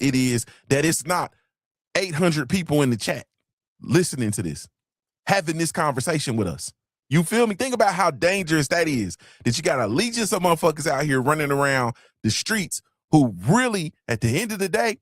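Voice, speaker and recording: A man's voice: medium pitch, no room sound, clean studio sound. A man hosting a motivational podcast livestream, preaching and repeating his points, swearing casually and asking "you feel me". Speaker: podcast host.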